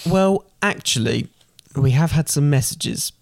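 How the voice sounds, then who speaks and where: A man's voice: fairly high pitch, expressive, unhurried, creaky, dry recording. A young man co-hosting a casual podcast with his father, full of dry teasing banter. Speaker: podcast co-host, the son. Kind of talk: casual chat.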